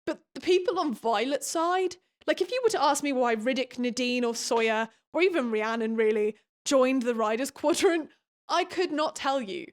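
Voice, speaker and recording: A young British woman recapping a book in casual commentary, sarcastic and quick to giggle. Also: high-pitched, lively intonation.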